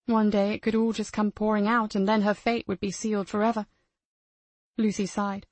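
A woman reading a crime novel aloud as the narrator, in a measured storytelling manner. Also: medium pitch, little pitch movement, darkish tone, dry recording. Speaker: audiobook narrator. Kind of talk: scripted narration.

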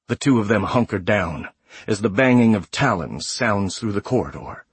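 A man reading a sci-fi horror story aloud in a measured, graphic storytelling manner. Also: on the low side, animated, husky, no room sound. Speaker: narrator. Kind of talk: scripted audiobook narration.

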